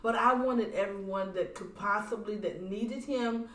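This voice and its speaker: A woman tells a personal story on a podcast in an earnest, animated way and talks about her faith. Her voice sits at a middle pitch for a woman. The sound comes from a distant mic and carries a roomy echo. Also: unhurried. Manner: animated, acts out voices in quoted dialogue. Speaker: podcast guest, widow.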